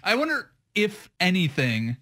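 A man's voice: sits high, huge pitch swings, pushed and bright. A man co-hosting a sports radio show, chatting casually with a wry, teasing manner. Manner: wry, teasing, quick to laugh.

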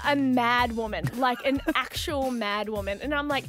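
Animated young Australian woman, high voice. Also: normal speed, hardly any pauses, soft background music. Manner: breathless, animated storytelling with laughs. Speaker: radio co-host. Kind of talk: casual radio chat.

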